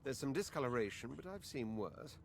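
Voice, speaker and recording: A man's voice: mid-range voice, sing-song, fairly quick. An actor playing a haughty, aristocratic male lizard prince in a video game, speaking in a pompous, drawling, condescending way.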